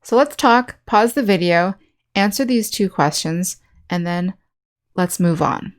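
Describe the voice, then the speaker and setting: A woman English teacher giving a scripted online speaking lesson, explaining slowly and clearly with example sentences. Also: on the low side, lively intonation.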